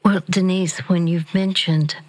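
A woman with a notably low voice counsels a caller in a calm, faith-based way. She speaks very slowly and gently, often sinking into a soft near-whisper. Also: dry recording, low-quality recording. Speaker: counselor on a call-in show.

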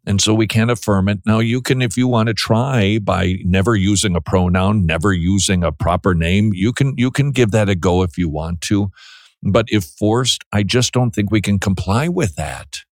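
Man host, low voice, blunt preachy talk-show commentary, dry close sound. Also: normal speed, dry recording. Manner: blunt, repetitive restarts, mocking asides.

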